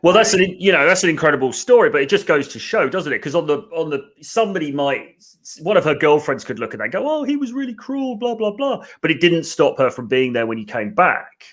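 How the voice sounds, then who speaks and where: A man's voice: on the high side, fast. Conversational man hosting a podcast. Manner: animated, conversational, frequent "right?" asides. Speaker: podcast host. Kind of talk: casual discussion of a book.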